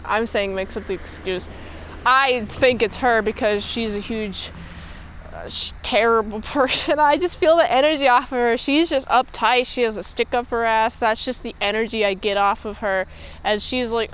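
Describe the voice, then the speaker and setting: High-voiced woman rambling through a recap. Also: a bit bright, slight background noise, low-quality recording. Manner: rambling, filler-heavy chat. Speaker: show reviewer. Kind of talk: casual episode recap.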